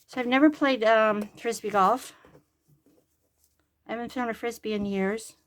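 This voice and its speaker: In a slightly high voice with a steady tone and measured pace, an older woman chats while sewing at home. She's a grandmother and crafting vlogger whose talk is chatty and rambling, full of self-deprecating jokes.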